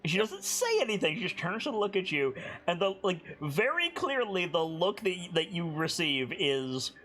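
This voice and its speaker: A man narrating a tabletop game as game master, chatty and halting, with frequent swearing and laughter. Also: high voice, big pitch swings, bright, forceful tone.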